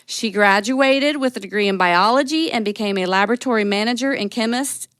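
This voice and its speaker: A woman's voice: medium pitch, brisk, fairly bright tone, no room sound, clean studio sound. A woman podcast co-host reading a formal, proud introduction of a guest.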